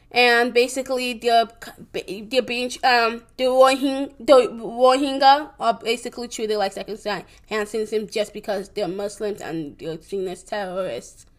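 A young woman giving a presentation, reading from her notes haltingly, with many restarts, corrections and fillers. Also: a little high, fairly bright tone. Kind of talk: reading a school presentation on world events.

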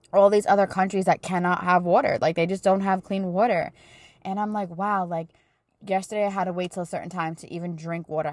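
A woman's voice: fairly low pitch, no room sound. A young woman hosting a casual faith-based podcast, chatting with lots of "like" and "you know". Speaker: podcast host.

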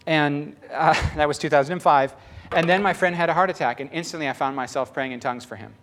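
Animated man preaching with stories. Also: a little high, fast talker, a little hiss or hum. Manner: animated, chatty, laughs often, lively acted quotes. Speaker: pastor. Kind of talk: casual sermon with storytelling.

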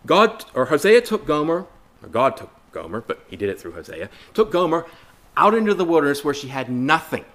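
A man's voice: on the high side, big pitch swings, fairly quick, fairly bright tone. A man preaching a Bible study sermon in an earnest way, asking rhetorical questions, repeating phrases and calling listeners brothers and sisters.

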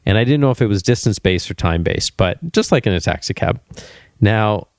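Low, smooth-voiced male podcast host. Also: fairly quick, dry recording, studio quality. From Canada. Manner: rambling, animated anecdote-telling with frequent restarts. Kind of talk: casual travel storytelling.

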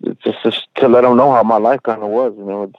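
A man's voice: medium pitch, steady tone, fast talker, dry recording, dull audio. A man speaking as a rapper guest in a casual interview, slangy and profane, leaning on "bro" and "you know what I'm saying," and mixing in Spanish phrases.

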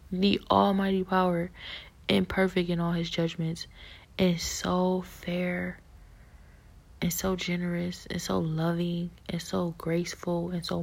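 A woman speaks in a low, flat, husky voice with a gravelly edge, often slipping into a half-whisper. She talks softly and haltingly, giving a personal testimony of faith.

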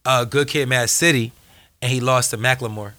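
A man in casual podcast banter with friends, animated, asking questions and joking. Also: medium pitch. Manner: animated, quick to question and joke.

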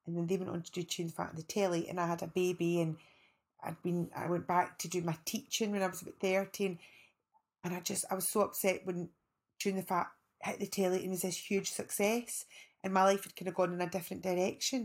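A woman's voice: fairly low pitch, brisk. A middle-aged Scottish woman, an actress guest, telling rambling anecdotes in casual chat. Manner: animated, rambling anecdotes with restarts.

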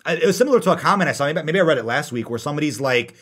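Fast-talking male podcast host. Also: on the high side, breathy edge. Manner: fast, animated, reads viewer comments aloud. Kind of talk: casual podcast chat.

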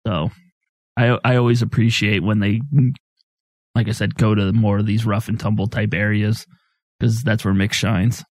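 A man co-hosting a podcast, chatting casually with a relaxed, teasing manner. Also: fairly low pitch, moderate pace, dry recording. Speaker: podcast co-host. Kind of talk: casual chat.

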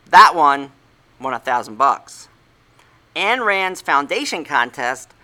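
Animated, bright-voiced male storyteller. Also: fairly high pitch. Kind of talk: comic story reading.

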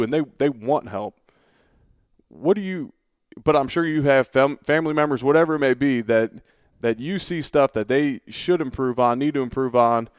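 A man who coaches, hosting a casual podcast interview and asking questions in a relaxed way. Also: mid-range voice, no room sound, studio quality. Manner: relaxed, conversational, many fillers. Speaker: host, coach.

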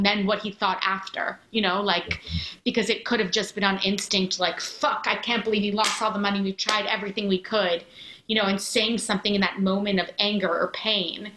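A woman with a bright, forceful voice reflects aloud while interviewing someone. She searches for words and leans on fillers, and her voice echoes around a roomy space. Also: mid-range voice. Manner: thoughtful, searching, filler-heavy. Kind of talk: reflective conversation. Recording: roomy echo.

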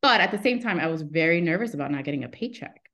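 A woman's voice: sits low, animated, fast, pushed and bright. A woman in her thirties, a podcast guest telling her story in a casual, rambling way, breaking off mid-sentence and acting out the lines of people in it. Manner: rambling, self-interrupting storytelling; acts out quoted dialogue in her stories. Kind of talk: casual interview chat.

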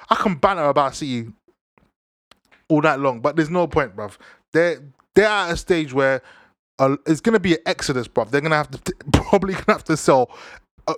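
A young man, giving casual football banter in an animated, slang-heavy way. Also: fairly high pitch, moderate pace, no echo, clean studio sound. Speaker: football vlogger.

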